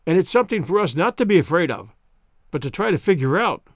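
A man's voice: high-pitched, big pitch swings, fast, no room sound, clean studio sound. A man hosting a podcast, giving a scripted sign-off with thanks to listeners in an upbeat announcer manner. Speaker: podcast host.

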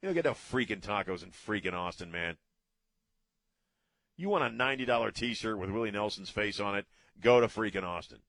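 A man's voice: lowish voice, animated, a little fast, a bit bright, no room sound. A middle-aged man hosting a radio talk show, ranting bluntly in a casual way and cursing freely.

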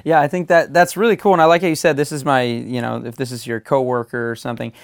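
A man's voice: medium pitch, level tone, quick pace, vocal fry, no room sound, studio quality. A man hosting an interview, asking a long, hesitant question. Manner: hesitant, rambling. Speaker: podcast host.

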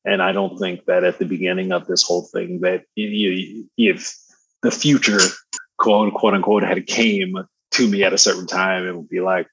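A man with a baritone voice chatting as a podcast guest, slangy and laid-back, laughing often. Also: little pitch movement, normal speed, a bit bright, slightly rough, no room sound, rough recording. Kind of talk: casual conversational storytelling.

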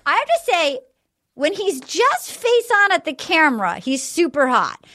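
A woman's voice: high voice, big pitch swings, a little slow, pushed and bright. A woman hosting a casual podcast chat, giggly and full of fillers as she recaps episodes. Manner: chatty, giggly, lots of fillers. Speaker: podcast host.

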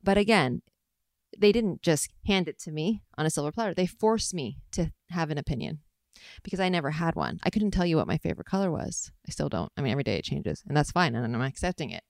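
A woman's voice: low voice, expressive, fast talker, gravelly, no echo, studio quality. A young adult woman interviewing guests, talking openly and reflectively in a loose, rambling way. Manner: open, rambling, self-reflective, laughs often. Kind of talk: candid conversational interview.

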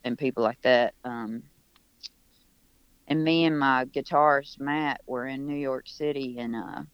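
A man with a smooth, clear voice tells his story in an easy, rambling way, circling back and restarting as he goes. He speaks from home on a video call, and the sound is dry and a bit dull, with no room echo. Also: medium pitch, steady tone, unhurried. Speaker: musician guest. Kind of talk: casual remote interview.

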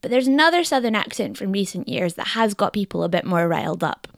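A woman narrating as presenter, with a clear, lightly wry delivery. Her pitch moves about a lot and has a gravelly edge. The recording is a dry, close voice-over. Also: big pitch swings, fast, no room sound. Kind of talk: scripted narration.

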